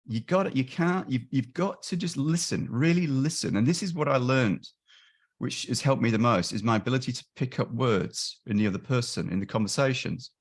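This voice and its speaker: During a webinar discussion over a video call, a man describes his years volunteering on a crisis line, quickly acting out quotes from callers and helpers. He speaks in an animated, mid-range voice, often restarting and correcting himself.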